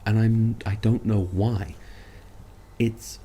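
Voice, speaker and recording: A man's voice: fairly low pitch, level tone, slow, warm tone, a little hiss or hum. A man who makes online videos, ranting about other creators in a sarcastic, rambling, self-mocking way. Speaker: content creator. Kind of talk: ranting commentary vlog.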